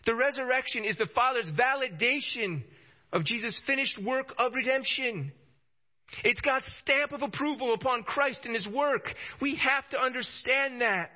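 Male preacher, high voice, emphatic and repetitive delivery, muffled lo-fi sound. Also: normal speed. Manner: emphatic, repeats phrases for stress. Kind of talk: sermon. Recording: dull lo-fi recording.

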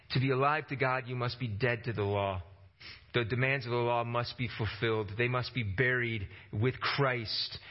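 Passionate male preacher, lo-fi sound. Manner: passionate, rising to emphatic peaks and dropping low for stress; repeats words when starting phrases. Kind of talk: sermon.

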